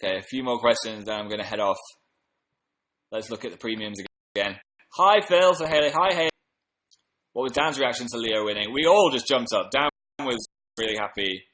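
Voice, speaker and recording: A man's voice: lowish voice, fairly quick, fairly bright tone, reverberant, poor audio. A man hosting a casual livestream from a room at home, tired after a late night, chatting and reading out comments with upbeat bursts. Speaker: livestream host.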